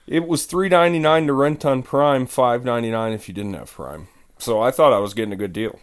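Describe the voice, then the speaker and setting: A young man co-hosting a podcast, chatting in a wry, animated way with dry jokes. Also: mid-range voice, a little fast. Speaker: podcast co-host. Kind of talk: casual chat.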